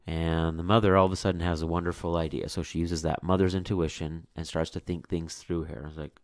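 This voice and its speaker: Low-voiced man, casual book review with chatty asides, dry close mic. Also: flat delivery, brisk, hardly any pauses, no echo. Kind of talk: read-aloud with chatty commentary.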